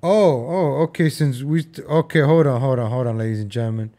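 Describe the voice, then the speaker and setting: A man's voice: medium pitch, a little fast, mellow. A young man casually joking and rambling as he reacts to old film footage for his viewers. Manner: joking, rambling, talks to viewers as folks and guys.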